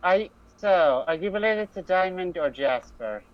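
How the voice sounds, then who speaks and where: A man's voice: sits high, animated, measured pace, no echo. A man playing a tabletop game in character, hesitant and unsure. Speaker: player. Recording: dull lo-fi mic.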